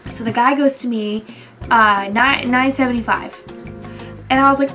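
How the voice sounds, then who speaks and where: Chatty New woman, music behind. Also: brisk. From New Jersey. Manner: animated, frequent "like", acts out quotes in a higher voice. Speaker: beauty vlogger. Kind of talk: casual storytelling chat.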